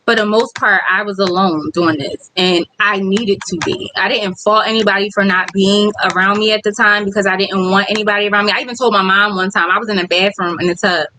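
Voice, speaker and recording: A woman's voice: medium pitch, fairly even intonation, fairly quick, hardly any pauses, bright, forceful tone, slight background noise, poor audio. A woman vlogger with kids, talking candidly on a casual livestream and reading viewer comments aloud. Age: adult with kids.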